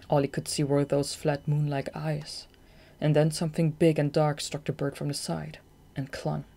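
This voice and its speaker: An audiobook reader narrating a fantasy novel chapter in a steady, even storytelling manner. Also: mid-range voice, vocal fry. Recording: home-recorded audiobook.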